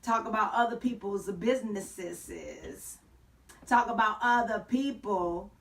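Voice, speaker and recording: A woman's voice: medium pitch, takes it slowly, gravelly, recorded from a distance. A woman hosting an online talk show, telling a story with playful slang and a sassy, joking manner. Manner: sassy, playful slang, sings and shouts for effect.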